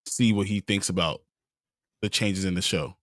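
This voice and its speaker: A man's voice: deep voice, fairly even intonation, moderate pace, no echo, clean studio sound. A man on a casual roundtable panel, giving earnest, emphatic opinions. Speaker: panel guest.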